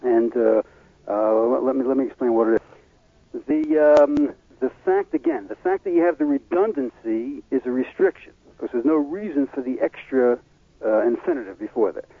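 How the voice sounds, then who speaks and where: A man giving an explanatory lecture as a religious teacher, halting often with fillers and restarts. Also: medium pitch, dry recording. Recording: tinny phone-line radio audio.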